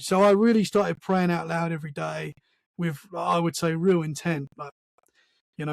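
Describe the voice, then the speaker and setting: A man, a podcast guest, telling a story in casual conversation, animated and full of restarts. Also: a little high, moderate pace, vocal fry, no echo. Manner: animated storyteller, acts out sounds and quotes; many restarts and "man" fillers.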